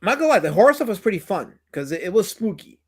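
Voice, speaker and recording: Man from new york, casual podcast host, rambling, repeats himself, animated. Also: high-pitched, rapid-fire, slightly rough. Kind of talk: casual chat.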